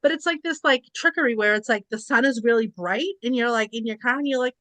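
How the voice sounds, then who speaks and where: Female co-host, sarcastic storyteller, bright voice, dry close mic. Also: fairly high pitch, quick pace, no echo. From Massachusetts. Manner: storytelling, sarcastic, swears casually. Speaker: podcast co-host. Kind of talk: casual chat.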